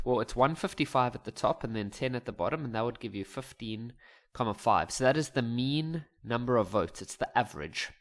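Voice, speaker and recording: Man, maths tutor, casual, thinks out loud, mid pitch. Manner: chatty, thinks aloud, joking asides. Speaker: maths teacher. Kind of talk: casual explanatory lesson voice-over.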